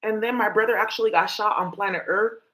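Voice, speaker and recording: A woman's voice: mid-range voice, fast talker, bright, forceful tone. A woman vlogger talking to camera in a rambling, emphatic monologue full of swearing.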